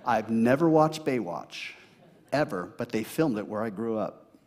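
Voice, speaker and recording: Animated preaching man with dramatic swings. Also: on the low side, unhurried. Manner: dramatic, swings from loud emphasis to hushed asides. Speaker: pastor. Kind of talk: sermon.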